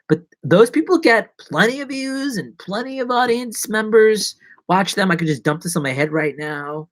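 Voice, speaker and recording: A man's voice: lively intonation, moderate pace, a bit bright. A man chatting casually and rambling playfully on a solo livestream. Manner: rambling, playful, drops to whispers and jumps to squeaky voices. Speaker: livestreaming vlogger.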